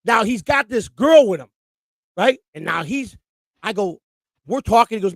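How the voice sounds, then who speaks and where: Long pauses punctuate this man's animated, high voice as he speaks at a normal pace. He's a co-host on a home live stream, swapping casual, rambling anecdotes full of profanity and frequent restarts, recorded without room sound.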